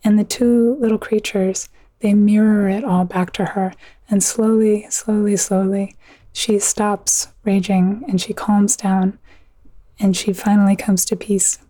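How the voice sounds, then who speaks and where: A woman author telling an old myth in a conversation, earnest and vivid, with quick asides. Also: medium pitch, flat delivery, dark tone, dry recording. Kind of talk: conversational storytelling.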